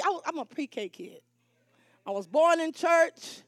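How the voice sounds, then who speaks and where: Very high-voiced fervent woman preacher. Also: lively intonation, normal speed, dry recording, clean studio sound. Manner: fervent, swings from hushed to shouting, call-and-response. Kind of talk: live church sermon. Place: church service. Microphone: stage mic with monitor.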